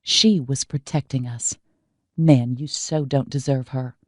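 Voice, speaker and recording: A woman's voice: very deep voice, steady tone, dry recording, clean studio sound. A woman doing a blunt, prodding sister. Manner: pointed, slow, prodding.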